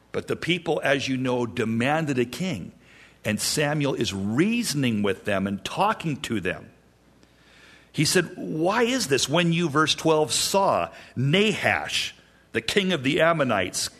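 A man's voice: mid-range voice, a bit bright, slightly rough. A man preaching verse by verse, reading scripture aloud and then explaining it in plain, conversational asides. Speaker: pastor. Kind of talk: expository Bible teaching.

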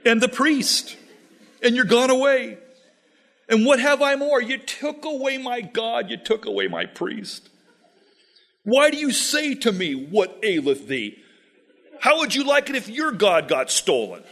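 A man's voice: sits high, huge pitch swings, unhurried, pushed and bright, husky, full character voice. A man voicing a distressed ancient man who was robbed, whining and indignant. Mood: whiny. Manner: whiny and indignant.

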